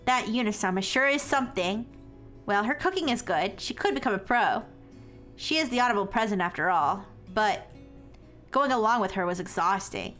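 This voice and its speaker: A woman's voice: mid-range voice, lively intonation, normal speed, a bit bright, faint music behind, lightly acted. A woman voicing gossiping teenage schoolgirls who complain in a catty, whiny way while reading game dialogue aloud. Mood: resentful.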